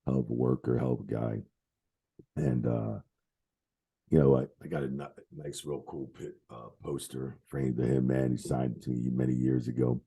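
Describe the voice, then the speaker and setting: A middle-aged former wrestling referee, a man, telling backstage stories in a casual interview, animated and swearing freely. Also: rumbling low, normal speed, creaky, breathy edge. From New Jersey area. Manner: animated, swearing, laughing, retelling backstage anecdotes.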